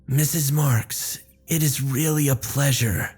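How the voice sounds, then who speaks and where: A man's voice: mid-range voice, steady tone, takes it slowly, darkish tone, husky, soft background music, voice pushed up. A man voicing a professional female doctor who speaks politely and in a businesslike way.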